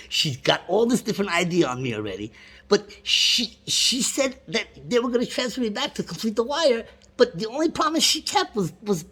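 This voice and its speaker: Frustrated man with a gravelly, husky voice. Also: sits high, fairly bright tone. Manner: frustrated, repetitive, with many restarts and rising outbursts. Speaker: bank customer on a phone call. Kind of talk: agitated complaint on a phone call. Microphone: phone call recording.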